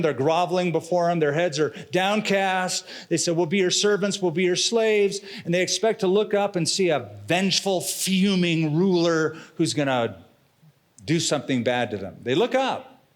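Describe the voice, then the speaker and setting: A middle-aged man preaching a sermon as pastor, dramatic and expressive, slipping in casual slang. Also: fairly high pitch.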